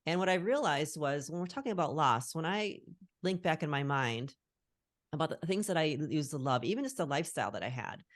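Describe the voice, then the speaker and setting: Middle-aged woman, strikingly low voice, dry close sound, earnest and reflective call guest. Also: lively intonation, a little fast, dry recording. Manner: earnest, reflective, searching for words. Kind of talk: casual conversation on a call. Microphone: call recording.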